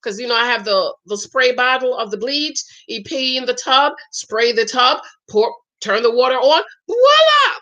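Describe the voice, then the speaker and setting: A woman's voice: on the high side, moderate pace, few pauses, pushed and bright, lo-fi sound. A woman vlogger chatting casually while reading viewer comments, emphatic and talkative, often adding "okay?". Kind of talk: casual live-stream chat.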